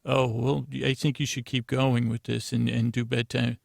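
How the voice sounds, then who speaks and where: A man's voice: medium pitch, flat delivery, normal speed, creaky, no room sound, studio quality. A man putting on a chipper, eager alter ego of himself who tells bedtime stories.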